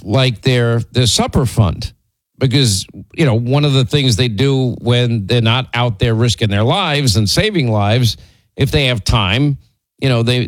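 A man's voice: mid-range voice, no echo, low-quality recording. Rambling, teasing male radio host. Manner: rambling, teasing, exasperated, many restarts. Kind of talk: casual storytelling chat on air.

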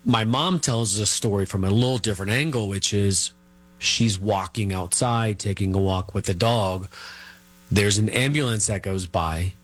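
Man, middle-aged, lowish pitch, interview guest, halting, rambling storyteller. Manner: rambling, halting, full of fillers and restarts.

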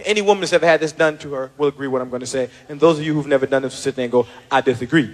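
A man's voice: on the high side, rapid-fire. A man doing stand-up comedy, talking energetically and straight at the women in the audience. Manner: energetic, addresses the audience directly.

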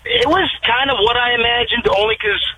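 A man from the Philadelphia area answering interview questions, hesitant with many fillers before warming up. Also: very high-pitched, fairly quick, background noise. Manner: hesitant, many ums, then eager. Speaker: guest, trainee. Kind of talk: casual interview.

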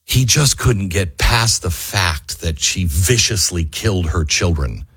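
Male radio host, husky and dry, fiery monologue, voice swinging widely. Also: low voice, animated, measured pace, dry recording. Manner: fiery, raises voice to near yelling. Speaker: radio talk show host. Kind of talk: impassioned talk radio monologue.

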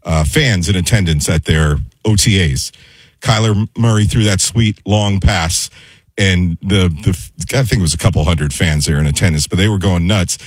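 Low husky male sports radio co-host. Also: moderate pace, dry recording. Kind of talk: casual sports talk.

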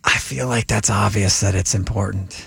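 A man's voice: fairly low pitch, fairly even intonation, normal speed, creaky, fairly bright tone, slightly rough, dry recording. A man co-hosting a morning radio show, asking questions and bantering wryly. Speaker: radio co-host.

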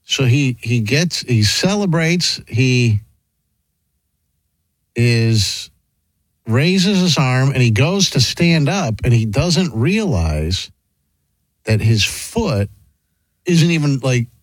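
A man with a mid-range voice hosts a morning radio show from a studio, chatting casually and animatedly acting out what players in a video say. He speaks slowly and pauses often, and there's no room sound.

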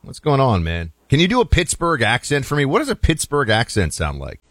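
A man's voice: medium pitch, huge pitch swings, brisk, a bit bright. A man hosting a call-in radio talk show, chatting loosely with many fillers and restarts.

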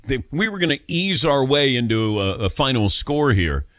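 An older man hosting a radio call-in show, telling stories about himself in a relaxed, self-mocking way. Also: mid-range voice, moderate pace, no echo. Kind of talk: casual radio talk with callers.

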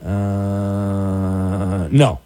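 A man hosting a sports talk radio show, teasing callers with dry, deadpan comebacks. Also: sits low, extremely slow. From Orange County, California.

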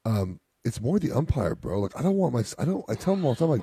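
A middle-aged man chatting casually, a father and youth softball coach who acts out his son's lines as he tells a story. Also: medium pitch, very animated, quick pace, husky. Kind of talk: casual chat.

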